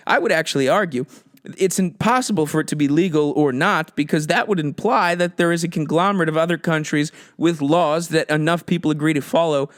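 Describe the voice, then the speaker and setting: A man hosting a podcast, ranting sarcastically about politics in a profane, animated comedic style. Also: fairly high pitch, no room sound, studio quality. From United States. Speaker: podcast host.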